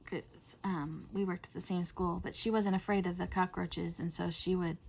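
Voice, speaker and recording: A middle-aged woman hosting a coloring video, chatting in a rambling way and often dropping to a soft whisper. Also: lowish voice, fairly even intonation, normal speed, creaky, a little hiss or hum. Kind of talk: casual chat while coloring.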